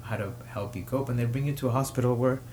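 A man's voice: medium pitch, a little mellow, a little hiss or hum. Emotional man giving commentary. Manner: emotional, pausing, rising to indignation. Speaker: podcast host. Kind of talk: personal commentary.

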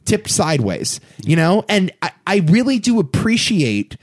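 A man co-hosting a casual movie podcast, animated and swearing freely as he reads out film details and jokes. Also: high voice, moderate pace. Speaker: podcast co-host.

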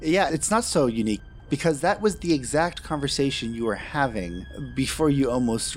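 A man's voice: medium pitch, animated, normal speed, few pauses, slight background noise. A man running a tabletop game as game master, narrating scenes with dry, wry asides.

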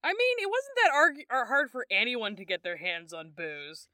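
A woman's voice: fairly high pitch, expressive, normal speed, sharp tone, clear, resonant tone, no echo, clean studio sound. A young woman co-hosting a podcast, cracking absurd jokes in casual chat. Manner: joking, absurd quips. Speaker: podcast co-host.

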